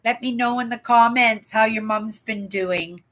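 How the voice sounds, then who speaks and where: Speaking fairly high and a bit bright at a measured pace, an older woman from Canada runs a relaxed livestream. She reads out comments from viewers and wanders into rambling asides, frequently saying "right?"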